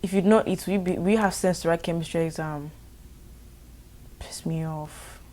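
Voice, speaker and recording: A woman's voice: fairly low pitch, quick pace, slight background noise. Young Nigerian woman telling a story. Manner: animated, exasperated storytelling. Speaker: vlogger. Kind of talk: storytime vlog.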